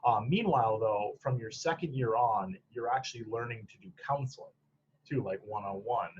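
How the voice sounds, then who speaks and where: Talking at normal speed in a mid-range, darkish voice, this podcast guest from Michigan's Upper Peninsula describes his clinical training in a relaxed interview chat. He rambles, restarts often, and laughs. The audio is muffled, with a little hiss or hum.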